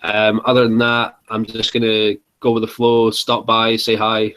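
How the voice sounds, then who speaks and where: A young man, co-hosting a casual board game live chat, chatty and quick to laugh, with lots of fillers. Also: on the low side, completely flat delivery, a bit bright, smooth, poor audio.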